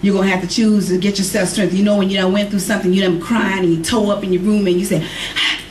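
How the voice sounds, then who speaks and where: A woman preaching a sermon, swinging from high emphatic calls to low joking asides. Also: little pitch movement, fast talker, a little mellow. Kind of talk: sermon to a congregation. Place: church. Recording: echoey room from far off, faint noise.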